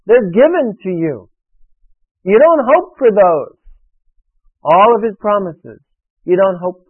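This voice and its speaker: A man's voice: high-pitched, lively intonation, slow pace, pauses often, husky. A man preaching a sermon, emphatic and repetitive as he drills a point home to his congregation. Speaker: pastor. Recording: phone-like radio broadcast.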